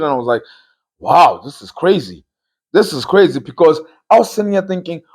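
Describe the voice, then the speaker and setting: A man's voice: fairly high pitch, a little mellow, breathy edge. A man hosting a football talk show, giving casual opinion commentary with emphatic, repeated phrases.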